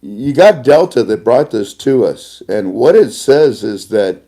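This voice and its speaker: A man's voice: mid-range voice, expressive, measured pace, warm tone. A man hosting a casual talk show, telling a story animatedly and acting out both sides of a conversation. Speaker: host.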